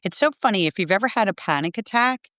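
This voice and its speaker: A woman's voice: mid-range voice, animated, fast, a bit bright, dry recording, studio quality. A middle-aged woman, a Reiki teacher and podcast guest, telling a personal story in an earnest, heartfelt way with lots of "like".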